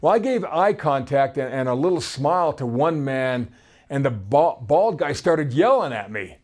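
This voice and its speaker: A man's voice: medium pitch, very animated, normal speed. A man giving conversational, storytelling Bible teaching and reading scripture aloud.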